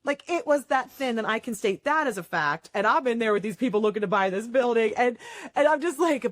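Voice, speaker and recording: Animated woman telling stories. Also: fairly high pitch, fairly quick, no echo. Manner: animated storyteller who acts out quotes loudly. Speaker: property manager, podcast host. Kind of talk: casual storytelling chat.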